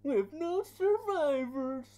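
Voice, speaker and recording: A man voicing a masked mercenary villain in a comic film-scene recitation, with a loud, strained, drawn-out delivery. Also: extremely high pitch, animated, voice pushed up, heavily acted. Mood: menacing. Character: deep-voiced masked male mercenary villain.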